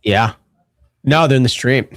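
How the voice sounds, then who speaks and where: A man's voice: medium pitch, measured pace, fairly bright tone, no room sound, studio quality. A young man co-hosting a casual live stream, joking around and laughing a lot. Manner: playful, jokey, laughs often, mock-stern bits. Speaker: co-host of a movie reaction stream.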